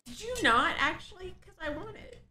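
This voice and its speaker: A tipsy woman casually chatting and reacting to memes with her husband, laughing loudly in bursts. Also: very high-pitched, animated, moderate pace, slight background noise. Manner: giggly, loud bursts of laughter. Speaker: co-host, wife. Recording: echoey room, cheap mic.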